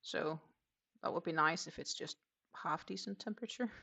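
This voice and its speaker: Female crochet streamer, casual rambling chat with viewers, lowish gravelly voice with a bright edge. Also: normal speed. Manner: chatty, rambling, reads viewer comments aloud. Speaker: crochet livestream host.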